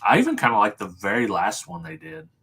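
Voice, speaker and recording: An easygoing man co-hosting a casual movie chat, with a low but bright, forward voice. He agrees readily and drops in "dude" and "yeah" all the time. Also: wildly swooping pitch, fast talker, slightly rough. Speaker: podcast co-host.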